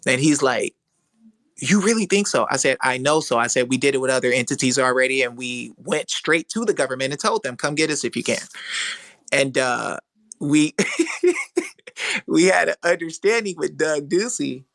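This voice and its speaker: Speaking at a normal pace in a mid-range voice with vocal fry and a slightly bright tone, with no echo, a man tells a story in a live online audio room. He hosts a legal webinar group and acts out the dialogue as he narrates.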